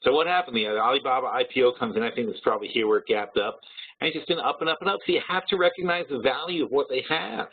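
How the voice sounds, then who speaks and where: Guy hosting a trading webinar, blunt, restarts a lot, kinda husky, sounds like a phone line. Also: mid-range voice, fast. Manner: blunt, talks through numbers aloud with restarts. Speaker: webinar host. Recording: tinny phone-like audio.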